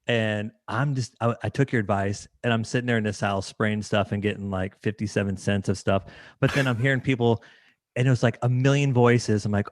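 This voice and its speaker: A man's voice: lowish voice, steady tone, fairly quick, no room sound, studio quality. A man hosting a podcast interview, enthusiastic and prone to stumbling over and repeating words. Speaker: podcast host.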